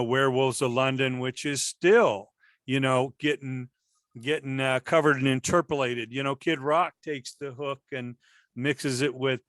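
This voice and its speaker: A man's voice: medium pitch, fairly bright tone, smooth, no echo. A man hosting a casual music interview, asking long, rambling questions full of filler phrases.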